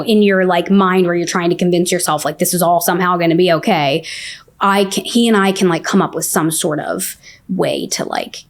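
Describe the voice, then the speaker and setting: Woman telling a story, low voice. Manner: fast, filler-heavy telling with many "like"s. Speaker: guest sharing her story. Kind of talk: casual storytelling.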